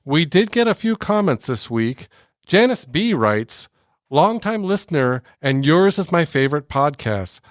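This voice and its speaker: A man co-hosting a casual movie podcast in a relaxed, joking way. His voice sits a little higher than most men's and is recorded dry and close, with no room sound. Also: a little slow, no echo. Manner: joking, wraps up with a ranking. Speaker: podcast co-host.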